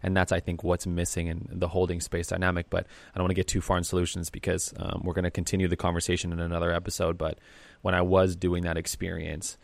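A man's voice: sits low, completely flat delivery, fast talker, creaky, no echo. A man co-hosting a podcast, talking in a reflective, earnest way with frequent fillers. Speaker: podcast co-host. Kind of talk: casual podcast conversation.

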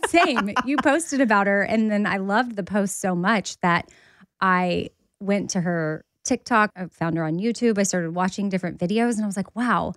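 A woman's voice: medium pitch, normal speed, dry recording. Chatty woman cohost, laughs a lot, dry close mic. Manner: chatty, animated, laughs often. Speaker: podcast co-host. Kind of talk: casual chat.

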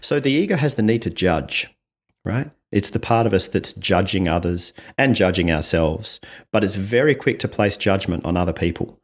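A man's voice: sits low, moderate pace. A man, a visiting communication coach explaining ideas step by step in an interview. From Australia. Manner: explains step by step, often tags with "right?", animated when acting out examples.

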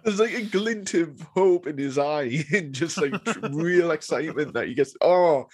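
A man's voice: on the high side, moderate pace, breathy edge. Chatty man, enthusiastic. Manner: enthusiastic, chatty with frequent fillers. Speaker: podcast co-host. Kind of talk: casual chat.

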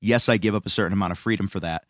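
A man's voice: deep voice, rapid-fire, no echo, studio quality. A man co-hosting a casual podcast, earnest and a little defensive in debate. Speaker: podcast co-host.

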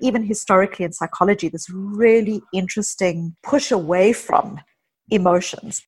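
A woman psychologist, a guest in an interview, talking earnestly and telling personal stories with quick asides. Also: medium pitch, breathy edge. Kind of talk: casual interview conversation.

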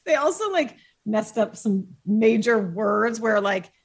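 Lively teasing woman. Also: fairly high pitch, measured pace, gravelly, husky. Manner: teasing critic. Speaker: podcast co-host. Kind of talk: casual podcast banter.

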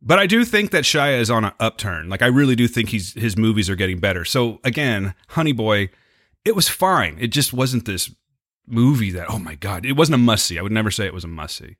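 Bright, dry-voiced joking man. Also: on the low side, very animated, fairly quick, no room sound. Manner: laid-back, joking, crude humor. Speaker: podcast co-host. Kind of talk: casual chat.

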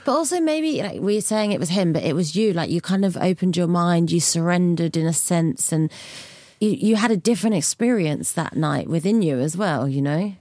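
A woman's voice: lowish voice, expressive, brisk, mellow, no echo, studio quality. A woman hosting a podcast interview, encouraging her guest and summing up his story with tag questions. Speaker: host.

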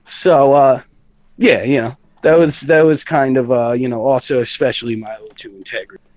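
A man getting over the flu talks a little out of breath, rambling through fillers and swearing as a guest in a casual studio chat. His voice is mid-pitched and sits in a dry studio with no room echo. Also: steady tone, moderate pace, darkish tone. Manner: rambling, many fillers and profanity. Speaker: band member guest. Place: recording studio.

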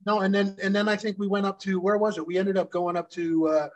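A man's voice: sits high, little pitch movement, fast talker. A man in his fifties reminiscing in casual chat as a co-host, rambling with many restarts. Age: 50s. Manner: rambling, full of restarts and fillers, fond reminiscing. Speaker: podcast co-host, former pro wrestler.

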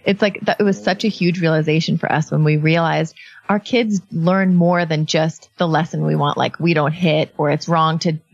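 A woman's voice: sits low, steady tone, moderate pace, vocal fry, lo-fi sound. A woman explaining a parenting approach in casual conversation, earnest and full of fillers. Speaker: parenting guest.

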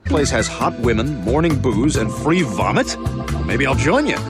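A man's voice: mid-range voice, animated, moderate pace, natural voice. A man playing a rowdy bar-loving guy over music. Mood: boastful. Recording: clip played over music.

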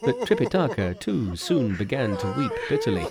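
A man narrating an audiobook in a measured, expressive storytelling manner. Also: medium pitch, a loud crowd.

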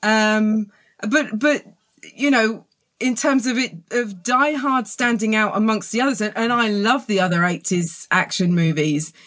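A woman's voice: mid-range voice, measured pace, fairly bright tone. Thoughtful southern English woman. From England. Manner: thoughtful, friendly, hesitant with fillers. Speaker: guest author. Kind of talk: casual interview.

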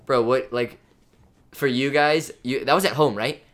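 A man's voice: medium pitch, a little slow, a bit bright. A young man, a pro volleyball player, co-hosting a podcast in rambling casual chat. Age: young adult. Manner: rambling, lots of "dude" and "like".

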